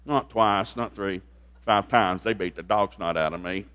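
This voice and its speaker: A man preaching a sermon in a folksy, joking way, dropping into low asides and then rising into loud outbursts. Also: unhurried, clean tone. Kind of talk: comedic sermon. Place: church service.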